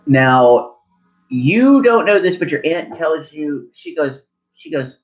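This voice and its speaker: A man's voice: fairly high pitch, expressive, takes it slowly. A man narrating as game master at a tabletop game, rambling and correcting himself as he goes, in a lo-fi recording.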